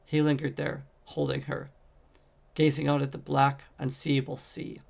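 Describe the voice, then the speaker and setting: A man reading a fantasy novel aloud as an amateur audiobook narrator, in a steady, measured way. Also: on the high side, creaky. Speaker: audiobook reader.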